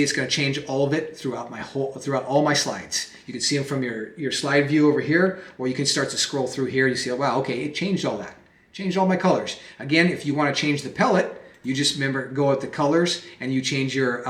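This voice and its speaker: A man's voice: mid-range voice, fairly quick, a bit bright. Casual man teaching with echoey room sound. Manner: conversational, repeats and restarts phrases, lots of "okay?" and "right?" checks. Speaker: presentation software instructor. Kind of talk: casual screen-recorded tutorial.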